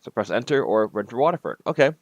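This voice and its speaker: Brief: a chatty man narrating a game, mid-pitch, dry close sound. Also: animated, fast, no echo, lo-fi sound. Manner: casual, chatty asides and self-corrections. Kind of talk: reading a self-made game aloud.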